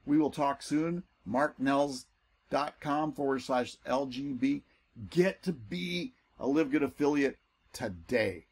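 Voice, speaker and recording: A man giving an excitable, salesy screen-share walkthrough as a network marketing recruiter. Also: slow pace, husky. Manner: excitable and salesy, pitch jumps when enthused.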